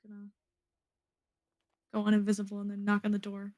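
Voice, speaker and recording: A woman playing a character in a tabletop game, anxious and full of quick questions. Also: mid-range voice, monotone, mellow. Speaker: player.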